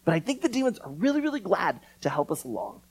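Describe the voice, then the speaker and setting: A man preaching a sermon, animated and earnest, often repeating words as he starts a thought. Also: high voice, quick pace, breathy edge, poor audio. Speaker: pastor.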